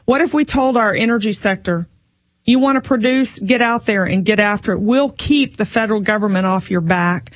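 A woman's voice: mid-range voice, moderate pace, dry recording. Woman candidate on the radio, firm and stumpy-speechy, dry close sound. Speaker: political candidate guest. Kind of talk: political talk radio interview.

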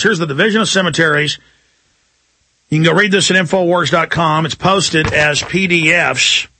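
Combative male talk-radio host, husky and dry, urgent rant. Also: fairly high pitch, bright, forceful tone, no room sound.

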